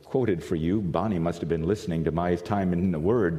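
A man from the United States preaching a sermon, telling stories with animated swings from loud to hushed. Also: deep voice, a little fast. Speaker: pastor. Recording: long reverb of a large hall.

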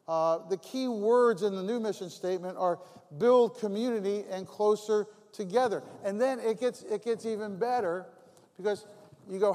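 High-voiced preacher in a reverberant hall. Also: male voice, normal speed, a little mellow. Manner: conversational preaching with repeated phrases. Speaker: pastor. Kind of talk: sermon.

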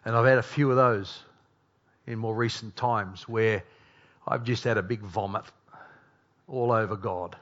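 A middle-aged male pastor preaching a sermon, earnest, moving between hushed confession and loud, emphatic passages. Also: on the low side, fairly even intonation, unhurried, long pauses. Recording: dull lo-fi recording.

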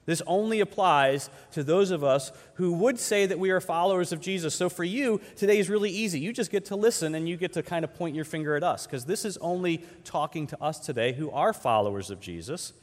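Pastor preaching in a long-echoing hall. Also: male voice, a little high. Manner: conversational preaching with repeated rhetorical questions; swings between loud emphatic peaks and quiet slowed phrases. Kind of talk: sermon.

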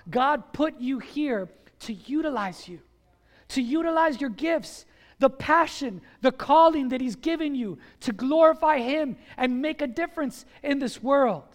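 A man's voice: very high-pitched, in a large hall. A man preaching a sermon in a conversational, earnest way, telling a scripture story and urging the congregation. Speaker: pastor.

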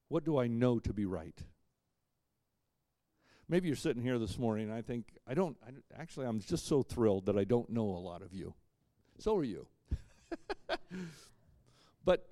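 A man preaching a sermon as pastor, emphatic, swinging between loud punches and quiet asides, with dry joking asides. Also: medium pitch, dry recording.

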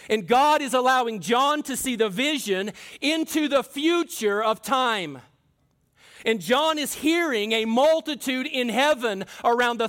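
A man's voice: very high-pitched, fairly bright tone. A man preaching a sermon, fervent and emphatic, speaking straight to his listeners. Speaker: pastor.

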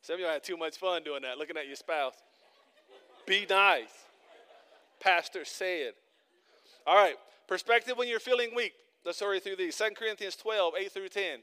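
Speaking briskly in a high, sharp, clean voice, a man preaches a sermon as pastor of his church. He starts with casual stories from daily life and works up to emphatic calls he repeats to his congregation.

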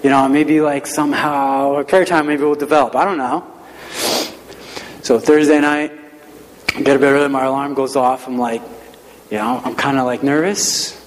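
A man's voice: mid-range voice, flat delivery, normal speed, long pauses. A man who works as a schoolteacher, telling a personal testimony in an earnest, self-deprecating, conversational way. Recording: long reverb of a large hall.

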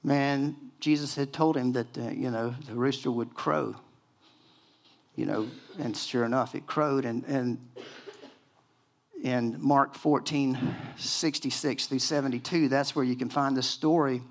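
A man in his sixties, a pastor preaching a sermon, telling stories in a lively, chatty way full of "you know"s. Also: mid-range voice, measured pace. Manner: animated storytelling with many fillers and acted-out quotes.

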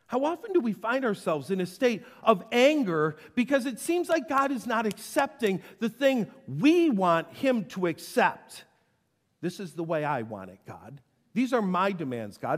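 A man preaching a sermon in an animated way, acting out the voices he quotes. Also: high-pitched. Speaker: pastor. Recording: long hall reverb.

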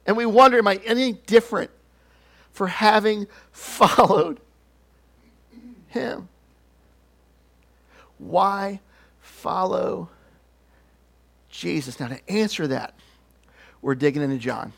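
A young man preaching a sermon, telling stories in an animated, joking way and doing playful voices. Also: high voice, slow, creaky, long pauses. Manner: animated, jokey storytelling with playful put-on voices. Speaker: pastor.

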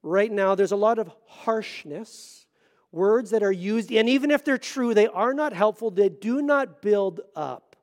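A middle-aged man preaching a Sunday sermon in a fairly high voice. He talks earnestly and presses hard on key lines, then drops to quiet, hushed asides. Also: a little slow. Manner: earnest, swings between loud emphasis and hushed asides. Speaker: pastor.

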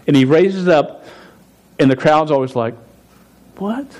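Man, preacher, lively emphatic sermon, somewhat high voice, frequent restarts. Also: moderate pace. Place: church service.

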